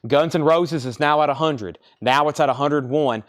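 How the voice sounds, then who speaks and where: A man's voice: fairly high pitch, moderate pace. A man hosting a live record sale stream, chatting casually and rattling off prices, bids and condition notes. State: out of breath.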